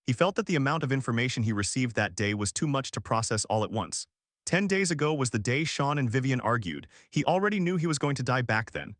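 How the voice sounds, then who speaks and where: Male narrator, earnest steady storytelling, middle pitch, dry close mic. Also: quick pace, no room sound.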